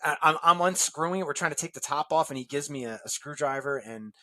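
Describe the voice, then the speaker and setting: Animated man telling a story, dry. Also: on the high side, quick pace, no room sound. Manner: animated, acts out quoted voices; chuckles through the story. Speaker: guest. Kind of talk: casual storytelling anecdote.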